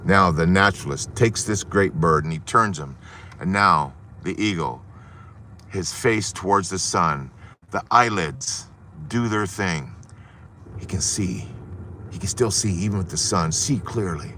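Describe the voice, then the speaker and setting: A man's voice: low-pitched, a little slow, a little hiss or hum. A man in his fifties or sixties, telling a parable in a dramatic, sermon-like way. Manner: animated, dramatic storytelling with hushed moments. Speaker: host giving an inspirational talk. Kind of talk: sermon-style storytelling.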